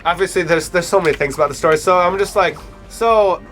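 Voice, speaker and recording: A man chatting with friends during a game, reacting with frequent laughter and quick interjections. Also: sits high, fairly bright tone. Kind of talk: casual chat while gaming. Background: game music.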